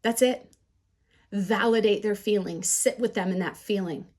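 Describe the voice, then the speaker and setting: Woman teacher, middle pitch, candid and animated storyteller, class talk. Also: measured pace. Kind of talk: storytelling lecture.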